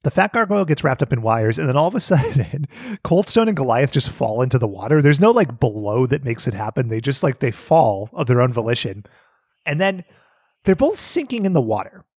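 A man co-hosting a podcast, recapping a cartoon episode in animated, joking chat, swearing and laughing often. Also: medium pitch, fairly quick, husky, no echo, clean studio sound. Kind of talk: casual comedic chat.

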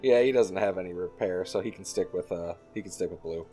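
A man's voice: low voice, brisk, warm tone, soft background music. A man playing a tabletop game, joking playfully and laughing as he talks. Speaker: player. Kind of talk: casual tabletop game chat.

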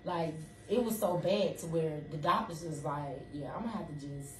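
A woman's voice: low-pitched, moderate pace, faint music behind. A woman co-hosting a casual faith talk, conversational and restarting her sentences often. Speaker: co-host. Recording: roomy, distant mic, faint noise.

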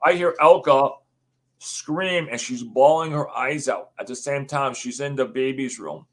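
A man from the USA, a guest on an interview show, telling his story in a rambling, animated way and acting out what people said. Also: medium pitch, measured pace. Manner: rambling, acts out quotes, swears.

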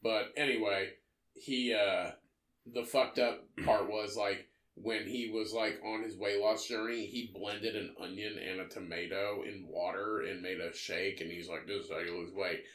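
A man's voice: on the low side, steady tone, a little slow, fairly bright tone. Profane ranting man in an echoey room. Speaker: podcast co-host. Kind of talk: casual podcast banter.

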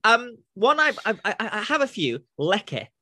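A man from southern England hosting a podcast interview, excitable and quick to laugh. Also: high-pitched, dry recording, studio quality. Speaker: podcast host.

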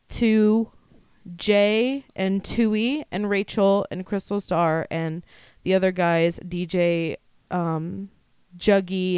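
A young woman co-hosting a podcast in casual chat, blunt and quick to swear and laugh. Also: mid-range voice, darkish tone, clean tone, dry recording, studio quality. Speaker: podcast co-host.

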